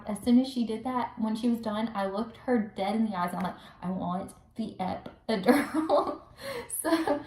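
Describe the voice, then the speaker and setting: A young woman casually telling a personal story to the camera, chatty and animated, acting out what people said. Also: medium pitch. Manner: chatty, animated, acts out quotes with laughs. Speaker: vlogger telling her birth story. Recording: roomy echo, recorded from a distance.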